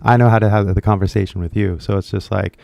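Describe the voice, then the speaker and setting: American male YouTuber teacher, young, dark mellow tone, rambling casual delivery. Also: on the low side, fairly even intonation, fast talker, gravelly, dry recording. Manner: loose and chatty, fills with "like" and "right?". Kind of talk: casual rambling lesson to camera.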